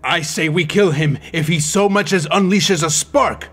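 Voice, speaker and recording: A man's voice: on the high side, normal speed, a bit bright, voice pushed up. A man voicing a grim, blunt male guard who insists on hard choices.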